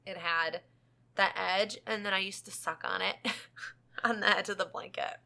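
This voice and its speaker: A woman's voice: mid-range voice, fairly even intonation, measured pace, creaky, bright, forceful tone. A woman co-hosting a podcast, chatting casually in a rambling, giggly way. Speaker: podcast co-host. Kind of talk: casual chat.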